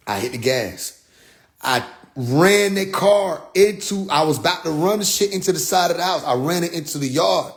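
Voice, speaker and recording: Young man telling a profane story. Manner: profane, animated, swings between loud outbursts and low asides. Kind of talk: casual personal storytelling.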